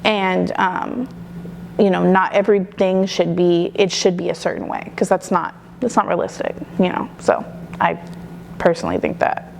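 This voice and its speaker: A young mother speaks candidly in a casual interview, chatty and full of "you know" and "like." Her lowish voice is expressive with vocal fry, at normal speed, over slight background noise.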